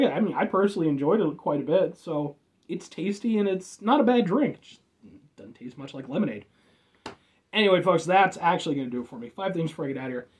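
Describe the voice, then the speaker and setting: A man's voice: sits high, a little mellow. A man from the United States doing a casual, rambling drink review with jokes and offhand swearing.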